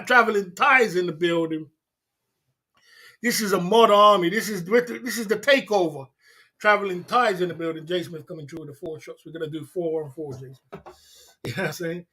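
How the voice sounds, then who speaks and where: A man's voice: high voice, fairly bright tone, husky. A man hosting a late-night livestream chat, tipsy from drinking, hyped up, laughing often and repeating catchphrases. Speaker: livestream host.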